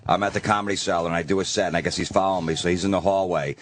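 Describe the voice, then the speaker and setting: A male comedian telling a brisk anecdote in casual talk. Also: sits low, steady tone, a bit bright.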